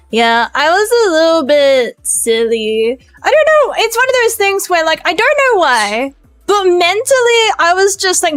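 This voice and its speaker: High-voiced energetic Australian woman streamer. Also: unhurried, no echo, soft background music, rough recording. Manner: energetic, loud, rambling. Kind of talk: casual live-stream chat.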